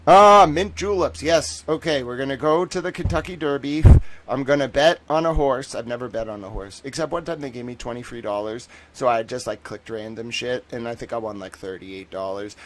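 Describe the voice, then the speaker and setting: A man's voice: mid-range voice, a little fast. A man hosting a casual livestream, rambling and joking and laughing often, from the northern United States. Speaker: livestream host.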